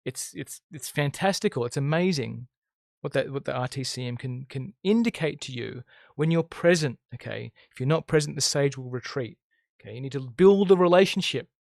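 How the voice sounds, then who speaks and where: A man's voice: medium pitch, expressive, moderate pace, creaky, a little mellow, no echo, studio quality. A man teaching about the I Ching in a casual spiritual monologue, blunt and emphatic, always checking in with "okay?" and "right?". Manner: blunt, swears freely.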